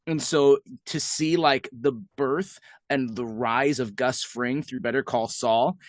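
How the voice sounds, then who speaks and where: In a steady, mid-range voice, a man co-hosting a podcast chats casually over a video call. He sounds enthusiastic and talkative, full of quick asides, and the recording is dry and studio quality.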